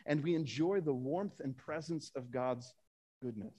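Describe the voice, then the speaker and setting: A man's voice: fairly high pitch, a little slow, warm tone, breathy edge. A man preaching a Sunday sermon, reading scripture aloud and asking the congregation rhetorical questions. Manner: reads scripture aloud, rising for emphasis. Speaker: pastor.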